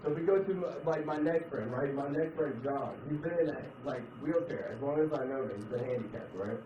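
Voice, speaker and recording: A man doing a stand-up comedy set, chatting with the audience and switching between loud put-on voices and low mutters. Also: fairly quick, background noise. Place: comedy club stage. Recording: echoey club, distant mic, dull sound, crowd laughter.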